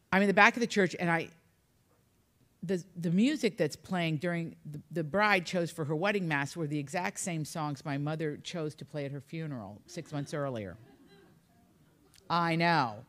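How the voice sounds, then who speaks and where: A woman author from Appalachia, telling humorous, rambling anecdotes in a relaxed conversation. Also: deep voice. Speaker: author guest. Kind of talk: storytelling in conversation.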